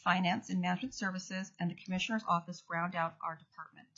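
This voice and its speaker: A woman who is an acting state commissioner delivers prepared testimony in a legislative hearing room, catching and fixing small mistakes as she reads. She talks fast in a fairly low, steady, slightly bright voice, and the recording is dull and lo-fi.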